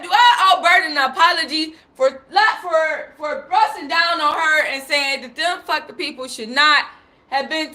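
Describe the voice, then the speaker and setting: A woman's voice: high voice, sharp tone. A woman speaking on a live stream in an emphatic, rambling, profane monologue. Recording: echoey room.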